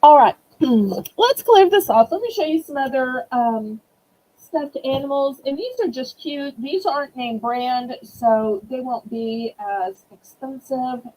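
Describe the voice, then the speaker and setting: Slow, mellow woman auctioneer. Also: expressive, rough recording. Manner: emotional, holding back tears, then cheerful product pitching. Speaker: live auction seller. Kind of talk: live-stream auction selling.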